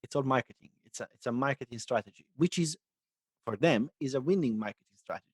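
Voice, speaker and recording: A man's voice: mid-range voice, lively intonation, fast, husky, no room sound, studio quality. A man co-hosting a casual talk show, musing aloud and hesitant, often restarting his sentences. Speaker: podcast co-host. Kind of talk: casual chat.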